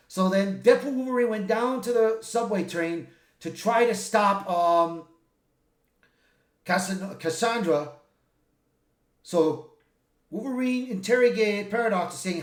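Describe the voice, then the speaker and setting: Guy recapping a movie, high lively voice, jumps into loud squeaky impressions, echoey room. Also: slow. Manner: animated retelling with loud, high character impressions. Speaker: movie reviewer. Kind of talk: casual spoken movie recap.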